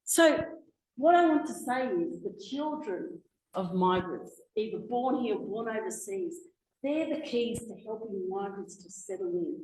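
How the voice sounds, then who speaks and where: A woman's voice: mid-range voice, animated, unhurried, darkish tone, slight background noise. A middle-aged woman giving a passionate, emphatic public talk as a guest speaker in a meeting hall. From Australia. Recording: echoey hall recording.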